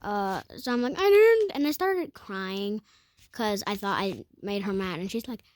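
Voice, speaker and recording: A woman's voice: medium pitch, lively intonation, measured pace, no room sound. A woman telling a storytime vlog in a rambling way, full of fillers and self-corrections. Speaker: vlogger.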